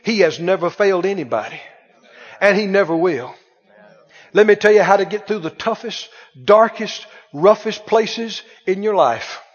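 A man preaching a sermon, swinging between hushed and loud and asking rhetorical questions. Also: high voice, normal speed. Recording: dull reverberant hall sound.

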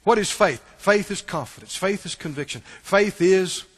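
A male preacher delivering an animated sermon and calling for answers from the congregation. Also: high voice, normal speed, slightly rough. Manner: animated, calls for responses from the congregation. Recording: long church-hall reverb.

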